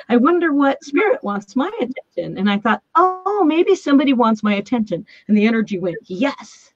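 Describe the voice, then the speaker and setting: A woman's voice: fairly high pitch, very animated, normal speed, few pauses. A woman telling a spiritual story in a casual chat over a remote call, laughing often and acting out the voices she quotes. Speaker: guest. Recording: dull lo-fi remote call audio.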